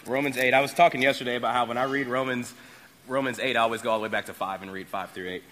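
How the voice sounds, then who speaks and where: A man's voice: medium pitch, steady tone, very fast, sharp tone, a little hiss or hum. A man sharing a short devotional thought in church, talking loosely and casually with small fillers.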